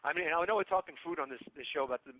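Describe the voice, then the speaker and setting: A man's voice: a little high, very fast, bright, forceful tone, poor audio. A man chatting as a guest musician, eager and enthusiastic. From Italian-American family. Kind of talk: casual interview chat.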